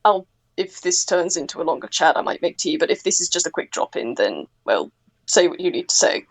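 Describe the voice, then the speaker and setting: A woman's voice: fairly low pitch, sing-song, fairly quick, pitched below the performer's own voice. A woman voicing a flustered, apologetic male plant-keeper who keeps scolding his plants. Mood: calm.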